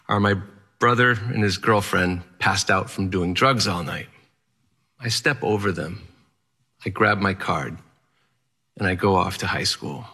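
A man's voice: on the low side, bright, forceful tone, slightly rough. A man telling a personal story on stage in vivid present tense, with a wry touch.

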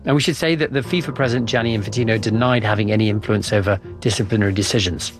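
A man's voice: fairly low pitch, very fast, music in the background. A man hosting a news program, introducing a guest and asking questions with some hesitant fillers. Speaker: host. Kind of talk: news podcast presenting.

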